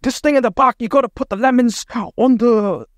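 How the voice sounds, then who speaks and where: A man doing an impression of a middle-aged British celebrity chef, yelling orders in a put-on British accent. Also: very high-pitched, a little fast, dry recording, clean studio sound, pitched above the performer's own voice. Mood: bossy yelling.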